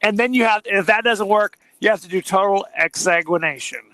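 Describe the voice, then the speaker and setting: High, bright-voiced male podcast host. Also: fairly quick. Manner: joking, retells scenes with mock quotes. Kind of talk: casual movie discussion.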